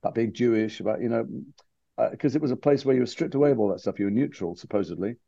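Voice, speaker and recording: A man's voice: mid-range voice, fast talker, gravelly, mellow, no echo, lo-fi sound. A man from Liverpool, a guest actor telling his story candidly and animatedly in a casual interview chat. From Liverpool, England.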